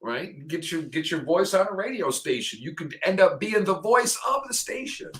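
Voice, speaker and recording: Lively, bright-voiced man hosting radio. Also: sits high, normal speed, low-quality recording. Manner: chatty, joking, exaggerates for laughs. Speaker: radio show host. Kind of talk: casual studio chat. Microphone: studio microphone.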